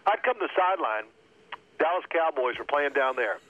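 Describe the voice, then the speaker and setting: A man in his sixties telling stories in a casual, animated way and acting out quotes in other voices. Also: a little high, brisk. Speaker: guest, former pro quarterback. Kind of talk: casual storytelling. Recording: phone-like line.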